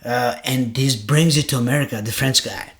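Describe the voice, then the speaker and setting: A man telling a history story in casual chat, animated, swearing freely and acting out the quotes. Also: medium pitch, a little fast. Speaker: podcast host telling a story.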